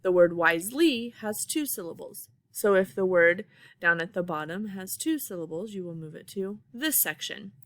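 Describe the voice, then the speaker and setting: A woman teacher reading out lesson instructions to students, slow, clear and deliberate. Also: fairly low pitch, animated. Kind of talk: recorded classroom lesson instructions.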